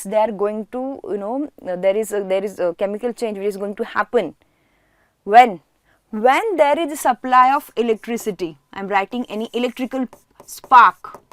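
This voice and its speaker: A woman with a fairly high voice teaches a chemistry lesson, recorded dry and close. She keeps asking her students questions and answering them herself, and she repeats key words for emphasis. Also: no room sound. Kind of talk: online classroom lesson.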